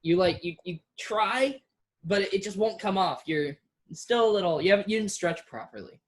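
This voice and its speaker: Brief: young game master, animated pitch, stop-start narration. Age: young adult. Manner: halting, restarts while narrating.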